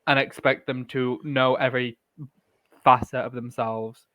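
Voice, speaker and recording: A man's voice: medium pitch, flat delivery, measured pace, a bit bright. A man in his early twenties co-hosting a podcast, candid and opinionated, talking in long rambling runs. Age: 20s. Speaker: podcast co-host. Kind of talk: casual chat.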